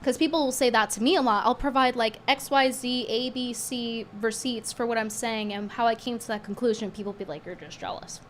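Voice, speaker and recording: A woman streamer in casual commentary, talking sarcastically and animatedly, flaring up indignantly, her voice going a little hoarse. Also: a little high, fairly even intonation, a little fast, hardly any pauses, a bit bright, a little hiss or hum.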